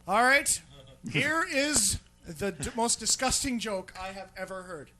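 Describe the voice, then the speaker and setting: A man hosting a radio show, loud and crude, laughing as he tells gross jokes. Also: high voice, lively intonation, unhurried. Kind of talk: crude comedy banter.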